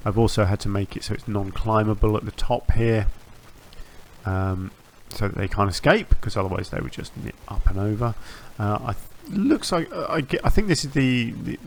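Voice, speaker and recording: A gaming channel host with a fairly low, gravelly voice chats animatedly at a moderate pace about his build as he plays, with a little hiss or hum in the recording. The relaxed commentary rambles from idea to idea, full of self-corrections, restarted phrases, and frequent ums and uhs.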